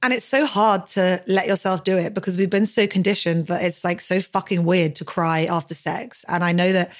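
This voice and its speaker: A woman's voice: on the low side, fairly even intonation, moderate pace. A young adult woman hosting a podcast in casual chat. She talks chattily, filling her speech with "like" and swearing freely. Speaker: podcast host.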